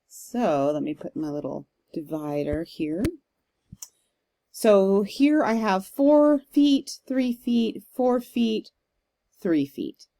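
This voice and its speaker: Her voice is fairly low and warm. She is a literature teacher delivering a recorded lecture, walking through ideas methodically with occasional fillers and reciting verse with forceful stress.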